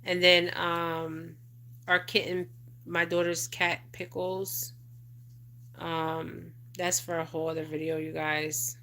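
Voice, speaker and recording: A woman's voice: fairly low pitch, monotone, slow, pushed and bright, slight background noise. A middle-aged woman hosting a casual livestream, reading viewer comments and rambling with lots of "okay?" and "you guys". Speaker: spiritual advisor livestream host.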